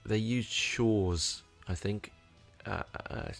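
Low, gravelly man; casual sweary music reviewer, faint music underneath. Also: drawn-out words, a bit bright. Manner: rambling, sweary, enthusiastic with restarts. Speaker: album reviewer. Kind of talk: casual spoken album review.

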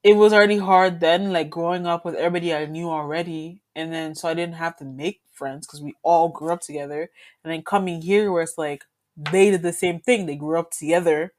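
A young woman co-hosting a podcast tells a school story casually and animatedly, laughing as she acts out what people said. Her voice is lowish and a little fast.

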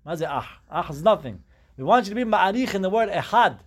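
A man's voice: sits high, lively intonation, quick pace, breathy edge. A man teaching a Talmud class, explaining step by step and mixing Hebrew terms into his English.

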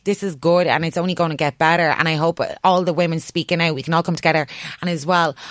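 A young Irish woman speaking as a radio guest, earnest and emotional, sometimes halting. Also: low-pitched, dry recording, studio quality. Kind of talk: emotional interview talk.

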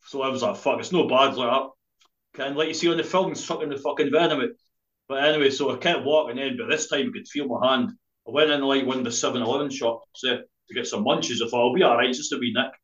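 A man's voice: medium pitch, quick pace, fairly bright tone. A man from Dundee with a Scottish accent, a spoken word poet, rambling through a story full of swearing and tagging his sentences with "eh?". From Scotland. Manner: rambling, laughing, heavy swearing, tag "eh?". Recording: roomy, slightly dull podcast audio.

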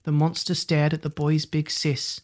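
A storyteller reading rhyming children's stories in a measured, sing-song way. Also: medium pitch, monotone.

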